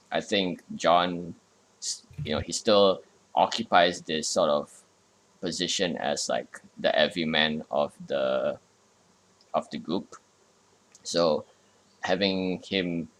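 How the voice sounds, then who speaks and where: A man hosting a casual livestream, talking haltingly with many fillers and restarts. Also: very deep voice, a bit bright. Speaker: stream host and project lead.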